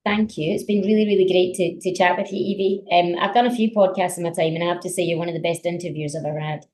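A woman with a notably low voice, chatting as a podcast guest. She tells her stories with animation and plenty of ums and restarts. The talk stays relaxed and conversational. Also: fast, rough recording. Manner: animated storyteller, many fillers. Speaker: politician guest. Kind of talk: casual conversation.

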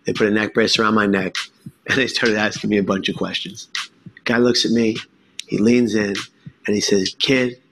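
A man giving an earnest, emphatic personal testimony talk, with dramatic pauses. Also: lowish voice, fairly even intonation, a bit bright, a little hiss or hum. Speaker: speaker sharing his story.

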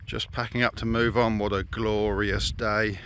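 A man's voice: on the low side, level tone, a little slow, fairly bright tone, slight background noise. A man narrating a campervan travel vlog in a casual, wry, understated way. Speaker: vlogger. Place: campervan trip outdoors.

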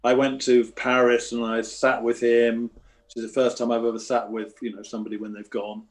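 A man interviewed as a guest musician, telling stories in a relaxed, wry, self-deprecating way. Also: mid-range voice, fairly quick. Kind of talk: casual interview.

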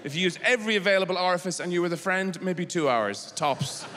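A man doing a stand-up comedy routine in a rambling, deadpan way, bursting into shouted silly voices. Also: sits high, fairly quick. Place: large theatre stage. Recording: live hall with audience noise.

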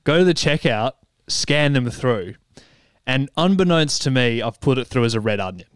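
A man in casual podcast banter, telling a story in a deadpan way. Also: medium pitch, normal speed, smooth, no room sound. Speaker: podcast co-host.

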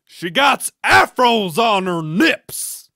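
Gravelly, lively comedy narrator who takes his time. Expect big pitch swings. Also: extremely slow. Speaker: joke narrator. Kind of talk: animated comedy joke reading.

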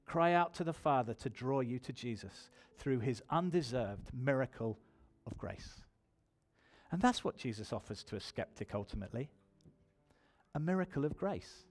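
A man's voice: mid-range voice, expressive, normal speed, darkish tone. A man preaching a sermon in church, telling his own testimony and building to emphatic appeals.

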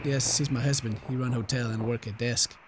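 A man reading out a game's worried, apologetic landlady, talking in halting broken English. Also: mid-range voice, fairly even intonation, background noise, lightly acted.

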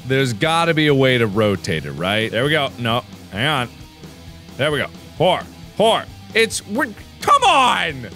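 A young man playing a game on camera, laughing often and shouting excitedly at what happens on screen. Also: on the high side, slow pace, creaky, faint music behind. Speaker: gaming host. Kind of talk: let's play commentary.

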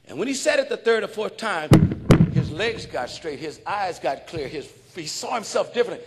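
A man giving a conference keynote, telling a story in a dramatic preaching style that swings from soft to shouting. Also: sits high, sing-song, normal speed, slight background noise. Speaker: keynote speaker. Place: large conference hall. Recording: long hall reverb.

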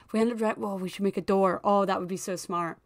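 An excitable young woman talking her way through a video game session at her desk mic. She chatters along with frequent squeals and laughs, and there is keyboard typing behind her. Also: medium pitch, quick pace, no echo. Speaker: gaming YouTuber. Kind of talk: casual gameplay commentary.

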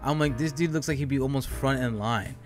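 A man's voice: medium pitch, a little fast, faint music behind. A man co-hosting a casual podcast chat, telling a rambling story with lots of swearing and laughter. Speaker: podcast co-host.

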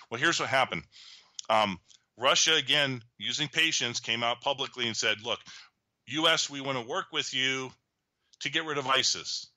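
A man's voice: medium pitch, dry recording. A middle-aged man giving radio talk commentary, telling events as a running story with acted-out quotes and frequent restarts. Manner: animated storytelling, acts out quoted leaders, many restarts. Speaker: guest commentator.

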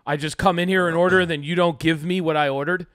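A man's voice: on the high side, steady tone, fast talker, a bit bright, no room sound, clean studio sound. Chatty man rambling through a story. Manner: rambling, many fillers, acts out quoted lines. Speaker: podcast co-host telling a story. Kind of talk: casual comedy podcast storytelling.

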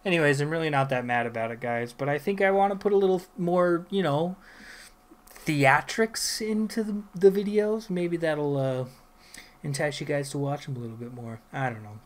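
A man's voice: on the high side, moderate pace. A man talking casually over his own video game playthrough, muttering to himself and then cursing at enemies. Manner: swears loudly at enemies, rambling asides. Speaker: gameplay video host. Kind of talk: casual let's play commentary.

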